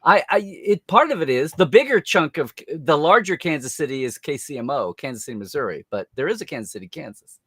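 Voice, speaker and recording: A man's voice: on the high side, lively intonation, fast, fairly bright tone, breathy edge, no room sound, studio quality. An American man hosting a casual live-stream chat, rambling with restarts and reading viewer comments aloud. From United States. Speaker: host.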